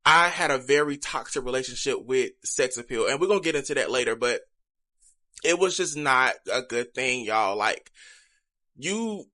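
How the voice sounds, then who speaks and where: A man's voice: medium pitch, animated, moderate pace, sharp tone. A young man talking to viewers in a candid, chatty confessional vlog. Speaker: vlogger.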